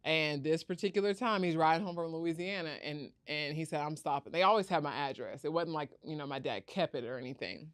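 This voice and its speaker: Woman telling a story on a podcast, does all the voices, smooth clear voice, dry close mic. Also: low-pitched, fairly quick, hardly any pauses, no echo. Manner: animated storyteller, acts out quoted voices. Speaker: podcast guest, founder. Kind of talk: candid storytelling interview.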